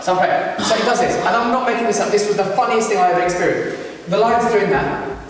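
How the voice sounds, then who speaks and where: British comedian in an echoey hall. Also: male voice, sits high, fast, slight background noise. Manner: animated, acts out scenes, laughs often. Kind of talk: live stand-up storytelling. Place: large hall with live audience. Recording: echoey hall recorded from far off.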